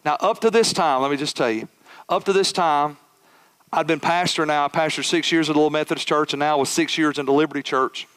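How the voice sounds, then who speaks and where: A man preaching a sermon as a pastor, telling a personal story with animated, acted-out dialogue. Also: fairly high pitch, fast talker, clean tone.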